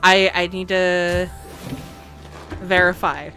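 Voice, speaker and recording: Over game music and sound effects, a woman keeps up casual let's-play commentary, talking to her audience and to herself. She speaks slowly in a lowish, fairly flat voice that is bright and forceful.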